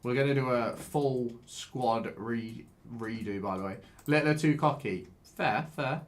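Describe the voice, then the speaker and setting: Male streamer, mid-pitched, excitable and sweary, chatting to viewers while playing a game. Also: measured pace. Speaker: live streamer. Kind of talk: casual live-stream commentary while gaming.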